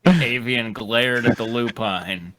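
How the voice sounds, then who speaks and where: Male narrator, comedic fanfic reading, steady, unhurried. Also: mid-range voice, very noisy.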